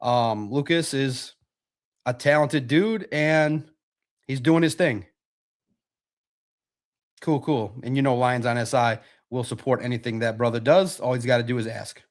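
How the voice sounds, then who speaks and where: A middle-aged man hosting a casual sports livestream, answering chat questions in a rambling way and often repeating himself as he thinks out loud. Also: mid-range voice, a little slow, long pauses. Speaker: sports podcast host reading chat questions.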